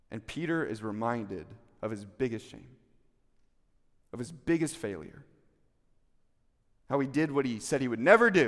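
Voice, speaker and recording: A man preaching a sermon as pastor, telling the story with animated delivery and acting out the quotes. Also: mid-range voice, in a large hall.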